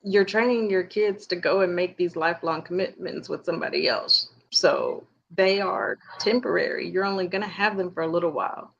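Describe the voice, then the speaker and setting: A woman co-hosting a podcast, speaking in a measured, reflective way in casual chat. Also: fairly low pitch, vocal fry, slight background noise. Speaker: podcast co-host. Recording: muffled lo-fi audio.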